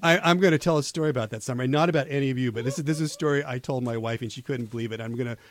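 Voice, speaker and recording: A man in his fifties hosts a college radio show, telling stories in loose, rambling fashion with many restarts. His mid-range voice races along in casual on-air chat picked up by a studio microphone.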